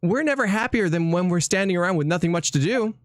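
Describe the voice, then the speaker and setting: A man's voice: sits high, animated, fast talker, a little hiss or hum. A man voicing a timid young Japanese male lawyer, reading game dialogue aloud in a raised, nervous voice.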